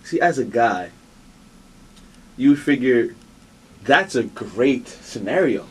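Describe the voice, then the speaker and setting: A man's voice: medium pitch, animated, takes it slowly, a little hiss or hum. A man hosting an interview show, playful and teasing, joking with his guest. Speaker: interview host. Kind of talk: casual interview chat.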